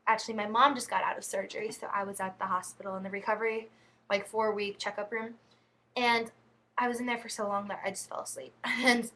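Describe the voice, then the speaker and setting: Bright, chatty young-sounding woman vlogger. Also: medium pitch. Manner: chatty, giggly, rambling. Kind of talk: casual storytelling to camera.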